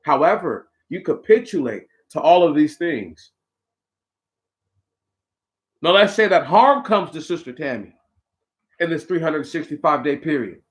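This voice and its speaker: A man's voice: a little high, very animated, normal speed. A man hosting a talk show, delivering a preachy, conversational monologue straight to his listeners with slang asides. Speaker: podcast host.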